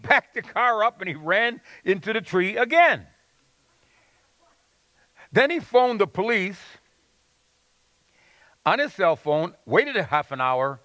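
High-voiced male pastor preaching. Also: fairly bright tone, no echo. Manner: earnest preaching with folksy anecdotes and call-and-response. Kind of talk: sermon.

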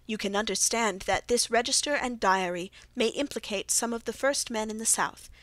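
A woman reading the part of a brilliant, aloof male detective in an audiobook, with a measured, precise delivery. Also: medium pitch, a bit bright, dry recording, natural voice.

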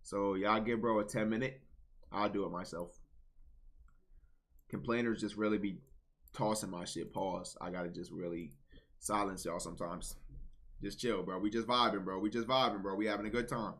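Bright-voiced man, blunt streamer banter. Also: on the low side, fairly even intonation, normal speed, pauses often. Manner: blunt, swings between muttering and loud outbursts. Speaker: streamer reacting to posts. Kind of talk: casual reaction commentary.

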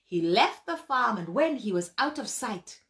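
Woman storyteller, expressive narration, slow, bright voice, sound effects, vivid emphasis. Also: fairly high pitch.

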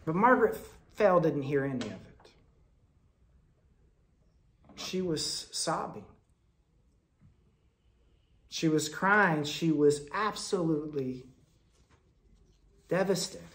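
A man delivering a Quaker sermon in a storytelling manner, moving between loud bursts and soft, low asides. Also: lively intonation, takes it slowly, long pauses. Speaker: speaker at a Quaker meeting.

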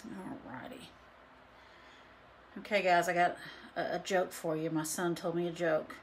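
A woman's voice: on the low side, fairly even intonation, a little slow, slight background noise. A woman chatting casually through a live painting demo, rambling with lots of fillers. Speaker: painting instructor and studio owner. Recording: roomy echo.

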